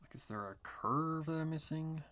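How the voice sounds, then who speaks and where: A man's voice: fairly high pitch, normal speed, a bit bright. A man thinking aloud as he draws on a live art stream, muttering to himself, often dropping to a whisper, with dry sarcastic asides. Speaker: artist streaming a drawing session. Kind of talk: thinking aloud while drawing.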